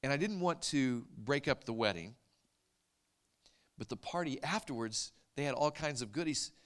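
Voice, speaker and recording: A man preaching a sermon, telling a story in an earnest, soft-spoken way that sinks to a near whisper at tender moments. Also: medium pitch, smooth. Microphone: handheld mic, later set aside to talk loud off-mic.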